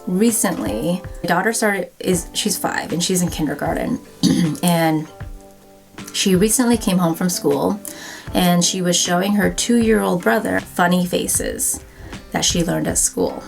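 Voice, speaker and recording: A woman's voice: fairly low pitch, unhurried, vocal fry, soft background music. A woman in her thirties talking casually to camera, conversational and wry, with plenty of "like" fillers. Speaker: vlogger.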